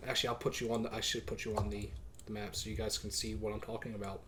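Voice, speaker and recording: A man's voice: on the low side, little pitch movement, quick pace, pushed and bright, slight background noise. Man, game master, hesitant narration, lots of fillers, tabletop game.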